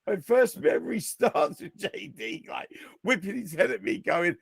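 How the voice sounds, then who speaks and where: A man's voice: sits high, lively intonation, vocal fry, breathy edge, dry recording. A man co-hosting a casual podcast, swearing freely and laughing through his stories. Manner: profane, laughs a lot, drawn-out delivery. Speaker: podcast co-host.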